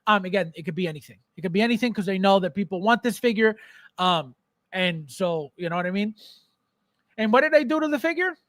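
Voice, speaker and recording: A man's voice: sits high, lively intonation, fast talker, a bit bright, no room sound. A man hosting a casual collectibles livestream, joking and teasing viewers by name. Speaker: podcast host.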